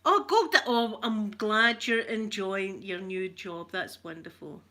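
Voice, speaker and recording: Joking and laughing frequently, a woman from Scotland chats casually with her ASMR livestream audience in a broad local dialect. She talks slowly, her medium-pitched voice bright and forceful.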